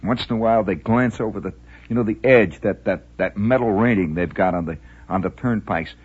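Deep raspy wry radio monologuist. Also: male voice, brisk. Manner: theatrical, mock-grand, wry; talking with a cigar in his mouth. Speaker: radio host. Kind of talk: rambling late-night radio monologue. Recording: dull lo-fi old radio recording with faint music.

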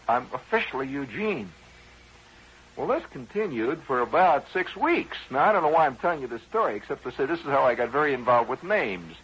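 A man with a deeply raspy, husky voice rambles through a personal story on the radio. His pitch swoops up and down in a lively way, and he keeps turning to his listeners with wry asides. He sounds conversational and unhurried. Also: low-quality recording.

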